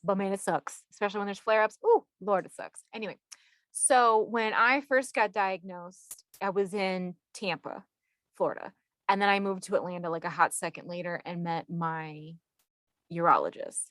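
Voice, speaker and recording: A woman guest therapist chatting casually on a podcast, telling stories with lively acted-out quotes, saying y'all and swearing casually. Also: medium pitch, normal speed, dry recording. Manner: animated storyteller who acts out quoted people.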